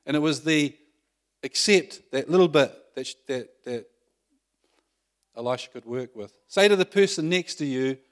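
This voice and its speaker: A man's voice: fairly high pitch, normal speed, long pauses. A man preaching a sermon in a conversational way, often asking the congregation questions.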